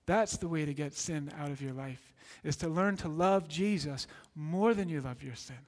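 A man preaching a sermon, telling a story earnestly and building to excited peaks. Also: fairly high pitch, moderate pace. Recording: long hall reverb.

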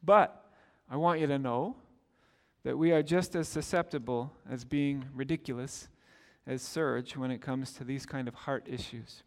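Speaking at a measured pace with fairly even intonation, a middle-aged man delivers a sermon in a medium-pitched voice, followed by a long reverb tail. He is a pastor who narrates stories in a chatty way and performs the quoted lines.

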